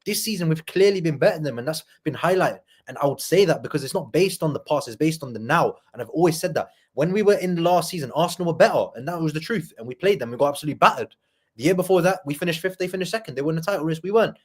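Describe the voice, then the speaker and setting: Man, fast talker, football fan panel, argumentative, repeats himself. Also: fairly high pitch, lively intonation, darkish tone, husky. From not from Liverpool. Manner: fast, argumentative, repeats words when making a point. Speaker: panel member on a fan show. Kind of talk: casual football debate.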